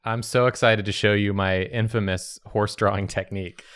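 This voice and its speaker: A man talking through his drawing in relaxed casual chat. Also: fairly low pitch, normal speed, smooth. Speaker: artist, show regular.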